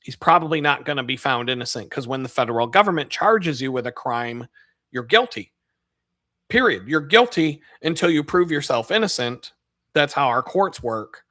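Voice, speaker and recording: A man's voice: medium pitch, animated, normal speed, sharp tone, no room sound, clean studio sound. A man on a live stream, ranting casually in a profane, rambling, mocking way. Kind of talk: casual rant.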